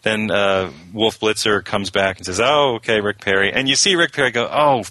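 A man as a guest on a talk radio show, telling stories sardonically and mocking politicians with quick impressions. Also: lowish voice, bright, forceful tone, no echo, low-quality recording.

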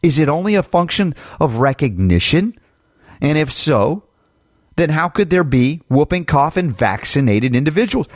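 A man hosting an opinionated talk-radio monologue, sarcastic and emphatic, firing off rhetorical questions and jumping into mocking high voices. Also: no echo, studio quality. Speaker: talk show host.

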